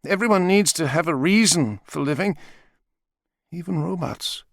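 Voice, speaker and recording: A calm female robot voiced by a man who speaks in a raised, measured register and weighs each word slowly. Her manner is philosophical and weary. She is heard in a dry, close studio recording. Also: on the high side, no room sound, pitched above the performer's own voice. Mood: weary, resigned. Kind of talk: audiobook character voice.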